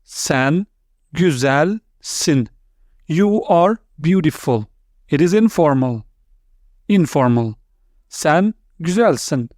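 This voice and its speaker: A man teaching a language lesson, repeating words slowly and clearly, with small slips in his English. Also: a little high, animated, a little mellow, dry recording, clean studio sound. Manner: non-native English with small grammar slips. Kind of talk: slow, deliberate language lesson.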